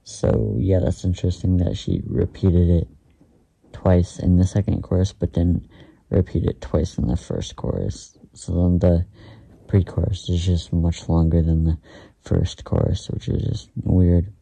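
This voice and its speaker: A deep-voiced man with a gravelly, fry-heavy tone rambles through a casual reaction, stopping and restarting often. He sits a little back from the phone mic. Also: lively intonation, measured pace, warm tone, distant mic. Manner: rambling, hesitant, many fillers and restarts. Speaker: host reacting to a song.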